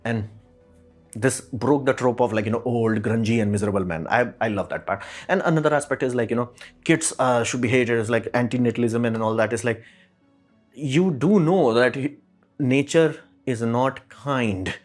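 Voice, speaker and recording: Man, mid-pitched, rambling opinion commentary, faint background music. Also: moderate pace. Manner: rambling, repeats "it's like", fillers. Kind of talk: casual opinion monologue.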